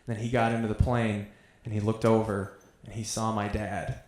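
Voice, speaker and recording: A man's voice: lowish voice, little pitch movement, moderate pace, darkish tone. A man doing a stand-up set, telling crude stories in a conversational way. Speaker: stand-up comedian. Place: comedy club stage. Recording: roomy club sound.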